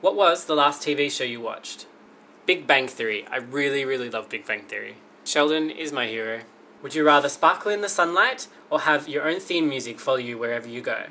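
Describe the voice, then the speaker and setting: A young man in his twenties runs through a casual question-and-answer vlog, dropping wry jokes as he goes. His voice is bright and clear, with a faint bit of room ambience underneath. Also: mid-range voice, fairly quick, slight background noise. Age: 20s. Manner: wry, joking. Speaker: vlogger.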